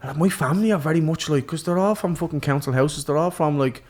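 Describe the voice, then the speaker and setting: A man's voice: fairly high pitch, quick pace, darkish tone. A young Irish man in his twenties, a boxer guest telling stories in casual podcast chat, full of fillers and swearing. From Ireland.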